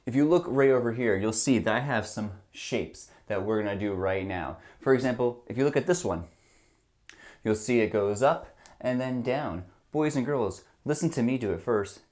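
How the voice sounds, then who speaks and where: A male music teacher leading a remote lesson for young children, coaxing and upbeat, singing call-and-response songs. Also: lowish voice. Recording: ukulele music loud behind. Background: ukulele.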